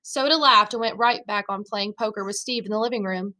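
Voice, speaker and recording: A woman's voice: mid-range voice, a little fast, sharp tone. A woman, a teacher, reading a novel chapter aloud in the first person, voicing the dialogue in her own voice.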